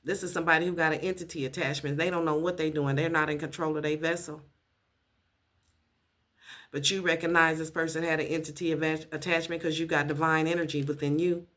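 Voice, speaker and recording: A woman's voice: deep voice, flat delivery, brisk, a bit bright. A woman giving a casual tarot reading, blunt and profane, repeating her points for emphasis. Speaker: tarot reader.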